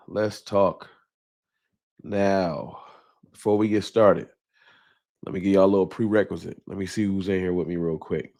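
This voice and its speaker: A man's voice: low voice, fairly even intonation, moderate pace, pauses often, darkish tone. A man hosting a live stream in a casual, laughing way, greeting viewers by name while his nose is stuffed up from a cold. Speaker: livestream host.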